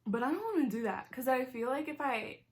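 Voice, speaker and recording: A woman in her twenties chats through a casual mukbang vlog, eating as she talks. Her voice sits a touch high, and she rambles freely with lots of "like" and giggly asides, close to the camera mic. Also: animated, fairly quick. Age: 20s. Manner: chatty, says "like" a lot, giggly asides. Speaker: vlogger.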